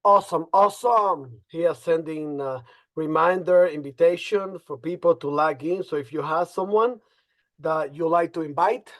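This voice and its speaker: A man with a Spanish-speaking accent co-hosting an online presentation on a video call, animated and fond of repeating his phrases. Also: fairly high pitch, normal speed. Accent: Spanish-speaking accent in English. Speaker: co-host presenter. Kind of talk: casual webinar presentation.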